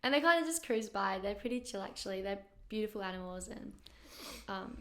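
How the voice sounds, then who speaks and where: A woman's voice: mid-range voice, lively intonation, fairly quick, a bit bright. A young woman, a pro surfer as guest, chatting casually, giggly and loose with lots of fillers. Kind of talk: casual chat.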